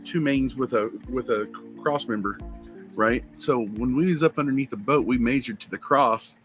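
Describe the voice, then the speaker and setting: A man's voice: medium pitch, normal speed. Man, casual co-host, loose storyteller with a light laugh, faint music bed. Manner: rambling storyteller, laughs at his own stories. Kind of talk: casual chat.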